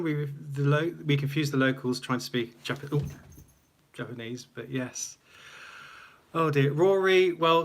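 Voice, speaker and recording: A man's voice: mid-range voice, a bit bright. A man hosting a casual live stream from a small room at home, chatty and rambling, laughing often at himself. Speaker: livestream host.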